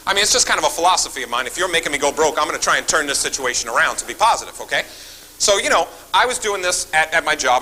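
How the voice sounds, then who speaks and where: This seminar speaker's voice is a little high, and the recording is low quality. He tells animated stories, acting out his phone calls and frequently turning to speak directly to the audience.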